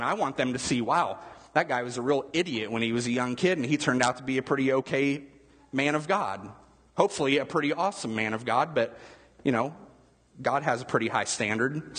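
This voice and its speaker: A man's voice: mid-range voice, fairly bright tone, breathy edge, big-room sound. A male pastor giving a conversational sermon, asking his listeners questions as he goes. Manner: conversational, asks the room questions.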